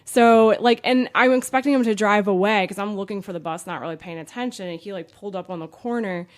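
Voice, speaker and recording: Animated woman telling a story. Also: medium pitch, quick pace. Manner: animated storyteller, frequent "like" fillers. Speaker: podcast co-host. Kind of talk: casual chat.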